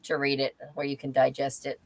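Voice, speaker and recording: A woman's voice: a bass voice, completely flat delivery, fairly quick, gravelly, darkish tone. A woman hosting a casual live book chat over a video call, chatty with frequent ums and easy laughter. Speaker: host of a live reading chat.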